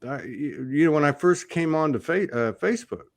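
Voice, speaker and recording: A man's voice: on the high side, expressive, normal speed. A man hosting a casual spiritual talk show, rambling and emphatic, dropping a curse now and then. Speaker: host.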